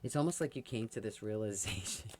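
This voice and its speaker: A woman giving a casual tarot reading, chatty and quick to laugh, talking straight to the sign she reads for. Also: a bass voice, background noise. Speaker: tarot reader.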